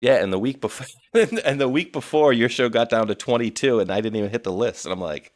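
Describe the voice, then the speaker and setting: A man's voice: medium pitch, fast. A young man with a New England accent hosting a casual chat, rambling and laughing with many restarts. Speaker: podcast host.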